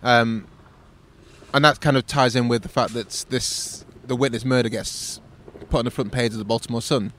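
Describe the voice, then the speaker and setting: A man's voice: mid-range voice, steady tone, moderate pace, a bit bright, slight background noise. Enthusiastic male podcast co-host. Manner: enthusiastic, hesitant, recapping. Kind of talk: casual chat.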